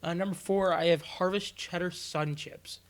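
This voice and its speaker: A man's voice: high voice, steady tone, moderate pace. A young man co-hosting a casual podcast, teasing his friends in a laid-back way. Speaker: podcast co-host. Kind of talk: casual chat.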